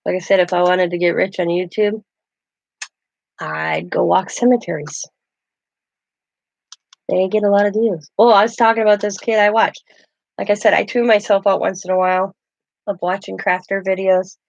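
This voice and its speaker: A woman's voice: mid-range voice, fairly even intonation, moderate pace, vocal fry, pauses often, no echo. A woman hosting a casual craft livestream, chatty and rambling as she talks to her chat while she works. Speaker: craft channel host. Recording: dull lo-fi dry sound.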